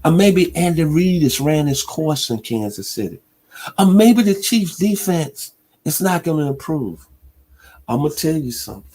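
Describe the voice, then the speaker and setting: A man's voice: on the high side, sing-song, normal speed. A man, hosting a sports talk radio show in an emphatic, heartfelt monologue. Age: 60s. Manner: emphatic, preacher-like delivery with heartfelt shout-outs.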